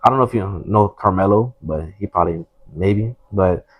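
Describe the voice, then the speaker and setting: A young man just out of high school, telling stories in an earnest, rambling casual chat. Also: normal speed, breathy edge, no echo. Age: young adult. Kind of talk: casual storytelling.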